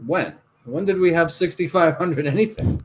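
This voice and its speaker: A man's voice: a little high, animated, moderate pace. A man co-hosting a casual show, tossing in dry, teasing remarks. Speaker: podcast co-host. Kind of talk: casual chat.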